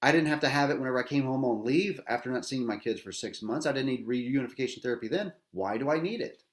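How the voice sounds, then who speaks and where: A veteran podcast host rants angrily in a fast, animated, mid-range voice. Agitated and bitter, he swears a lot, repeats himself and leans on rhetorical tags as he vents about personal matters.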